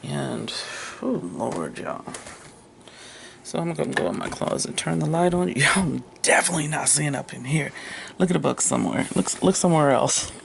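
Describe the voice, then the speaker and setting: Gravelly woman chatting at home. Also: low-pitched, lively intonation, normal speed, slight background noise. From United States. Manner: chatty, talks to herself while rummaging, laughs often. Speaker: crafter and vlogger. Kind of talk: casual chat to viewers. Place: home sewing room.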